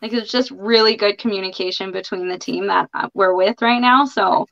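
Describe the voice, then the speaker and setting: A woman's voice: mid-range voice, steady tone, normal speed, creaky, fairly bright tone. A woman guest on a casual podcast, talking about her work in an upbeat, candid way. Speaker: podcast guest, part-time pit boss. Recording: dull lo-fi audio.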